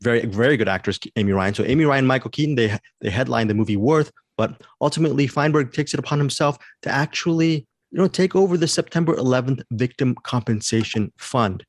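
A man's voice: mid-range voice, a little fast, few pauses, no room sound, clean studio sound. A man hosting a podcast, chatting casually and eagerly about a new movie, often restarting his sentences. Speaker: podcast host. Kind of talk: casual movie review chat.

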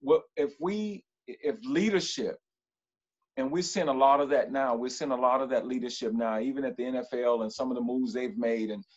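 A man of middle pitch speaks emphatically over muffled, dull call audio. He repeats his slogans in a rolling, preacher-like cadence. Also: steady tone, normal speed, a little mellow. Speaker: panelist. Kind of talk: panel discussion.

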